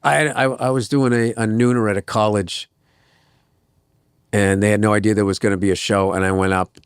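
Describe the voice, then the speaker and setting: A man's voice: fairly low pitch, fairly even intonation, moderate pace, clean tone, dry recording, studio quality. A middle-aged man, a comedian guest, telling rambling, profane anecdotes in a casual interview. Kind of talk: casual storytelling.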